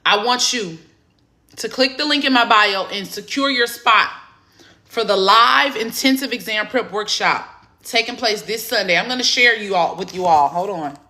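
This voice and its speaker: Bright-voiced, excitable Southern woman coach. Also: mid-range voice, normal speed. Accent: Southern American. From Southern United States. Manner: excitable, enthusiastic and encouraging. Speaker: exam prep coach. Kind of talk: live stream chat. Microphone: phone camera.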